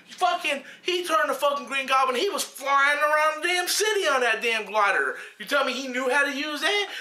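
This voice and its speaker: Man, film review rant, sharp bright tone, emphatic, cursing, roomy echo. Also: very high voice. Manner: heated, emphatic, swears a lot. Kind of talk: profane ranting film review.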